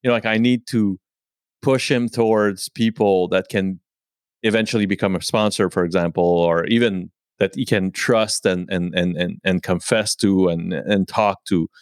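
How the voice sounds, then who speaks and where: A man's voice: deep voice, steady tone, moderate pace, no room sound, clean studio sound. A man hosting a conversation who rambles, full of "you know, like" fillers. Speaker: host. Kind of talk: casual conversation.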